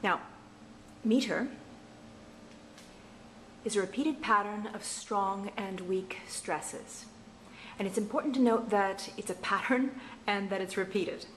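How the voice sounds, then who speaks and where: Female lecturer, unhurried delivery, patient and explanatory, faint hiss under the voice. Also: mid-range voice. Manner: patient and explanatory, chanting stress patterns aloud. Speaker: literature instructor. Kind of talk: recorded lecture explaining poetic meter.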